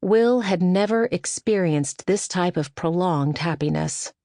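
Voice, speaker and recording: A woman narrating an audiobook in a measured, expressive reading style, recorded in a studio. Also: lowish voice, no room sound.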